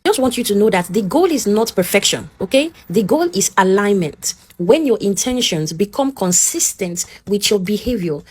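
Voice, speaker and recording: A woman with a Nigerian English accent teaches in an earnest, direct way. She speaks at a middling pitch for a woman and keeps checking in with the listener. It is a motivational lesson delivered straight to the listener. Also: expressive, normal speed, few pauses, darkish tone, husky.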